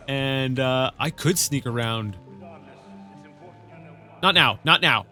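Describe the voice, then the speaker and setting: A man's voice: medium pitch, animated, slow pace, long pauses, pushed and bright, soft background music. A man hosting a let's play, chatting casually and playfully as he reads in-game texts aloud. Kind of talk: casual gameplay commentary.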